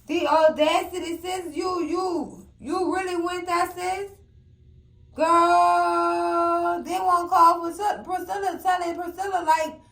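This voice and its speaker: Woman recap host, high voice, fiery, chatty, echoey room. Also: takes it slowly. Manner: animated, exclamatory, addresses viewers as cousins. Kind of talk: casual TV recap commentary.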